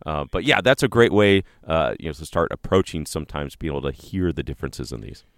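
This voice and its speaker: A man with a very deep voice chats loosely on a podcast, leaning on fillers and restarting his sentences as he goes. His voice is recorded close and dry. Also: lively intonation, brisk, dry recording. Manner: rambling, heavy on fillers like "you know" and "like". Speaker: podcast co-host. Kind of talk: casual chat.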